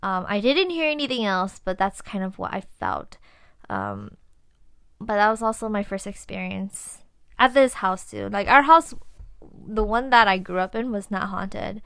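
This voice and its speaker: A woman's voice: medium pitch, unhurried, clear, resonant tone, no room sound. A young adult woman hosting a podcast, telling a personal story in a casual way and acting out what people said. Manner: animated retelling, acting out her own quotes. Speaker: podcast host.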